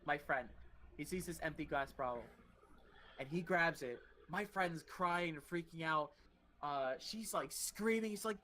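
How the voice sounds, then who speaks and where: A young adult podcast host casually telling a long personal story, animated and swearing freely. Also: medium pitch, a little slow.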